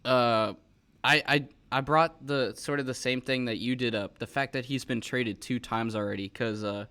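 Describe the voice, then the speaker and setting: A man's voice: mid-range voice, fairly even intonation, moderate pace, bright, forceful tone, clean tone. A man hosting a podcast, chatting casually and thinking aloud with fillers and restarts. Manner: conversational, with frequent fillers and restarts. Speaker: podcast host.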